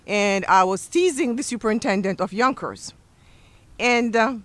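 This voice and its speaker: Bright-voiced woman superintendent giving a speech. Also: fairly high pitch, moderate pace, no room sound. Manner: lively, joking, addresses the crowd directly. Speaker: school superintendent. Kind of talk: ceremony speech. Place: outdoor sports field.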